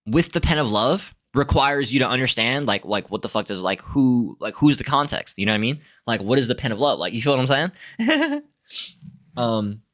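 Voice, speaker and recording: A man's voice: mid-range voice, big pitch swings, moderate pace, a bit bright. A young man giving a casual, rambling solo talk as a podcast host, full of fillers, restarts and laughs. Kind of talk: casual monologue on language and philosophy.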